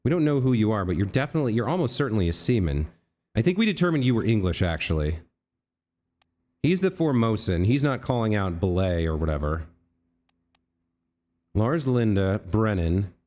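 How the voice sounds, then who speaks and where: A man with a fairly low voice that rises and falls a lot, musing aloud as he plays through a game. He corrects himself mid-sentence and talks straight to the characters on his screen. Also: big pitch swings, normal speed, long pauses, darkish tone. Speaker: let's play host. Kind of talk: thinking aloud while gaming.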